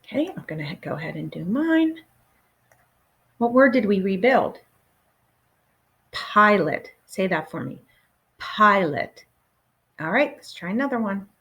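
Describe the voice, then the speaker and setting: Speaking in a mid-range voice with big swings in pitch, a woman teacher guides children through a recorded phonics lesson. She stays patient and encouraging, stopping to let them answer.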